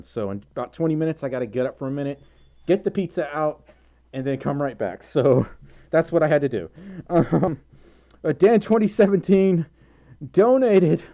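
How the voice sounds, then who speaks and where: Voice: mid-range voice, warm tone. A live streamer chatting casually and reading out donations, giggling, rambling and running themselves down. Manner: giggly, rambling, flustered, self-deprecating.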